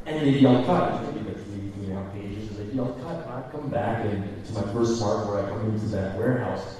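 A man telling stories on a convention panel in a chatty, animated way, with lots of filler words. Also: lowish voice, fast. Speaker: panel guest actor. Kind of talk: casual convention panel talk. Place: large echoey hall. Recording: echoey hall, mic from far off.

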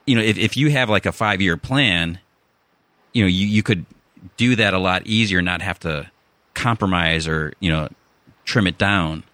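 A man with a Chicago accent talks in a lowish voice that has a bright, forceful edge. His rambling, restart-heavy podcast chat sounds close and dry. He keeps circling back to finish his thought. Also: normal speed, no echo. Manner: rambling, many restarts and fillers. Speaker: podcast host. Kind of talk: casual chat.

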